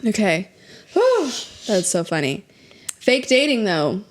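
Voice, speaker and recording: A woman's voice: mid-range voice, huge pitch swings, slow. A woman co-hosting a book podcast in casual chat, giggly and exclamatory, swearing freely. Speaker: podcast co-host.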